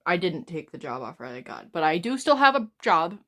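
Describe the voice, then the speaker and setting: Twenties woman streamer, fast, rambling, profane, fairly low-pitched. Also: very animated, fairly bright tone. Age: 20s. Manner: rambling, swears a lot, talks fast. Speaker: livestreamer. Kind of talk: casual live stream chat.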